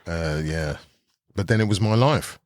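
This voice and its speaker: A man's voice: deep voice, measured pace, no echo, studio quality. A man chatting as a podcast guest, telling stories and acting out the voices of people he quotes. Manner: animated, acts out quoted voices. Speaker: actor guest. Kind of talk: casual chat, storytelling.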